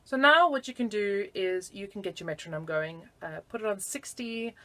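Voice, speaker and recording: A woman's voice: mid-range voice, moderate pace, a bit bright. A woman teaching flute in a casual video lesson, chatty and giggly with self-deprecating asides.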